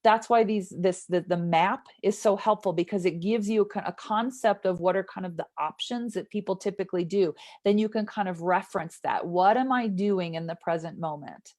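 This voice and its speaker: A woman's voice: mid-range voice, moderate pace, hardly any pauses, darkish tone. A woman who works as a somatic trauma therapist, explaining earnestly as an interview guest and often checking in with "right?".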